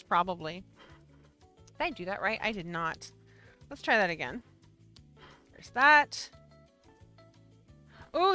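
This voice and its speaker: Bubbly woman host, high bright voice with lots of swing, faint music underneath. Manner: bubbly, excitable, chatty with viewers. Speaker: livestream host of a yarn shop show. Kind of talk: casual livestream chat.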